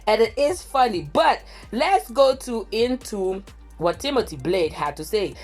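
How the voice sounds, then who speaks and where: Woman reporter with theatrical, lively pitch. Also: measured pace, faint music behind. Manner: dramatic, theatrical "ooh" exclamations. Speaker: gossip reporter host. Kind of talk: reaction commentary.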